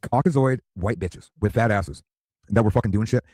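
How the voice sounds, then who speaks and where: A man's voice: on the low side, moderate pace, darkish tone, no echo. A man in his fifties, a streamer ranting crudely and rambling, full of profanity and "dude.". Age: 50s.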